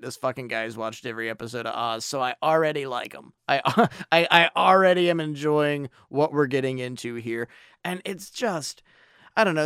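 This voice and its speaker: Male podcast co-host, animated sarcastic movie critic, resonant voice with some fry. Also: medium pitch, no room sound, studio quality. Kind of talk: casual movie-review chat.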